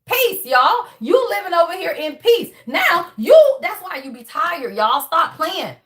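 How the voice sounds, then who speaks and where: A woman with a high voice gives a loose, preachy card reading straight to her viewers. She swears freely and jabs "y'all" onto line after line. She pushes her points in sudden emphatic bursts. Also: big pitch swings, fairly bright tone. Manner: emphatic, profane, repeats "y'all" constantly; fast, preachy affirmations with rising bursts. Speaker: tarot reader. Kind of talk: casual spiritual reading to camera.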